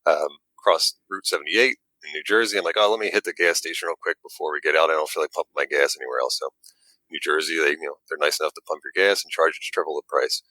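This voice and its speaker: Man, very low voice, crisp and bright, dry close sound, casual animated storytelling. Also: fast, dry recording, rough recording. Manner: animated, acts out quotes, stammers. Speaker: model maker guest.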